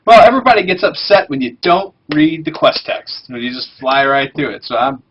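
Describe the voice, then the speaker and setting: A man's voice: on the high side, sing-song, a little fast, husky, lo-fi sound. A man hosting a game livestream, chatting casually and joking while he plays and reads quest text aloud. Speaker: livestream host playing a game. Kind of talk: casual chat over gameplay.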